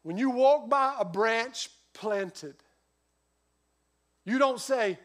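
A middle-aged man preaching a sermon as a pastor, telling stories with a lively voice that rises and drops sharply. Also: extremely high pitch, drawn-out words. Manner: lively storytelling, voice rising and dropping sharply.

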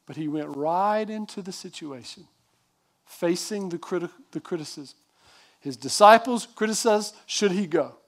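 High-voiced man preaching a sermon. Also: expressive, normal speed. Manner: emphatic preaching, asks the congregation questions. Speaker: pastor.

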